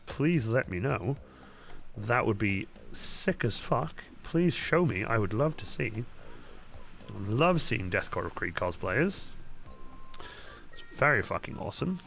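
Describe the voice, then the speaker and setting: A man's voice: on the low side, vocal fry, a bit bright. A young man chatting casually on a livestream while he paints, swearing constantly and muttering asides as he works. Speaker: cosplay livestreamer. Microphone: studio microphone. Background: faint background music.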